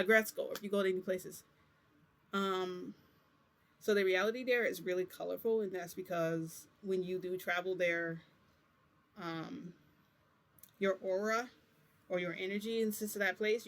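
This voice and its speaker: High-voiced man telling a rambling story. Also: fairly bright tone. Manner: rambling, quotes dialogue with "I'm like". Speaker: vlogger. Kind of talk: casual storytelling monologue.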